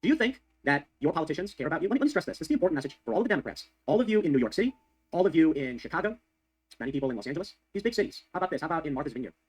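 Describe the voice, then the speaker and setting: Fast-talking, heated man. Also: fairly high pitch, big pitch swings, breathy edge. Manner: heated, sarcastic, emphatic repetition. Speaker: political commentator. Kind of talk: fast ranting news commentary.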